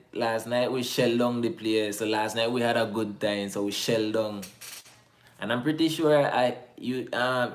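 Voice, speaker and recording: A man's voice: lowish voice, creaky. A man with a Caribbean Creole accent, chatting casually on a livestream and reading comments from chat. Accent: Caribbean English Creole. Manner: laid-back, rambling, reading chat aloud. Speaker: livestream host.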